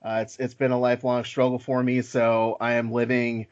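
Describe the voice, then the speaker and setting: A man's voice: medium pitch, completely flat delivery, normal speed. A man hosting a casual podcast chat, easygoing and self-deprecating, with lots of filler words. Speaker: podcast host. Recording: slightly dull lo-fi audio.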